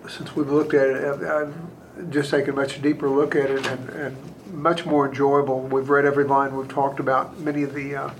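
A man's voice: medium pitch, little pitch movement, normal speed, a little hiss or hum, low-quality recording. A man in a Bible study group sharing thoughts in a hesitant way, with many fillers. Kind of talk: casual Bible discussion.

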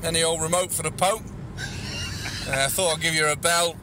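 Male caller, crude rambling storyteller, slightly high voice, voice memo with traffic noise behind. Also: steady tone, a little fast. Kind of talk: recorded voice message story.

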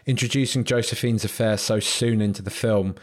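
A man's voice: lowish voice, steady tone, brisk. A man co-hosting a casual film podcast, who often stumbles, repeats words and restarts his sentences. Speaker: podcast co-host. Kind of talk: casual film review chat.

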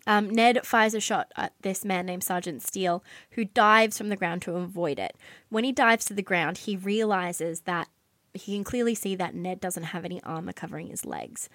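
A woman telling a dramatic story in casual podcast chat, animated, swearing and filling her talk with "like". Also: mid-range voice, normal speed, no room sound. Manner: animated, swearing, many "like" fillers. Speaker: podcast co-host telling a true crime story.

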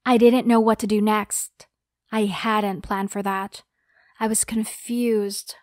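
A woman's voice: mid-range voice, flat delivery, slow pace, darkish tone, dry recording, studio quality. A woman narrating a dramatic first-person story in an earnest, dramatic telling.

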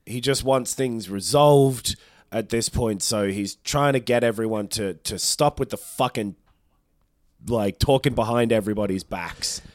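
A man's voice: lowish voice, unhurried, no room sound. A man co-hosting a podcast, chatting casually, swearing freely and acting out what people say. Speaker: podcast co-host. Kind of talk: casual chat.

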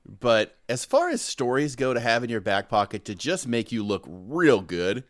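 Lively man with a dry close sound. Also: mid-range voice, normal speed, no room sound. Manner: reacts and jokes, swears casually. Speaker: podcast co-host. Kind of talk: casual chat.

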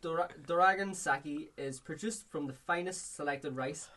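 A man hosting a casual podcast chat, telling an animated story and laughing often. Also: a little high, moderate pace, a little hiss or hum. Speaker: podcast host.

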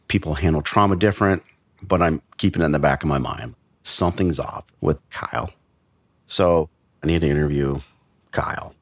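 A man, a former investigator, recounting a death case in a measured, blunt way with frequent restarts. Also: very deep voice, no room sound. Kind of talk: true crime storytelling.

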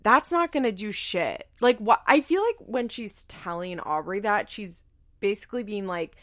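A woman's voice: mid-range voice, animated, normal speed, fairly bright tone, no room sound, studio quality. A woman recapping a reality show in casual, incredulous commentary, swearing freely.

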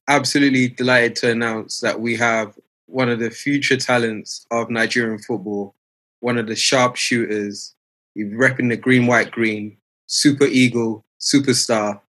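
A man's voice: on the low side, fairly bright tone. A man co-hosting a podcast who introduces the guest with hyped enthusiasm. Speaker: podcast co-host. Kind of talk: casual chat.

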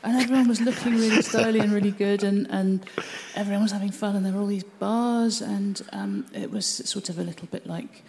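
A woman from Birmingham, a folk musician, chatting with lively enthusiasm and frequent repeated words. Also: mid-range voice, brisk, few pauses, slight background noise. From Birmingham, England. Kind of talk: casual interview chat.

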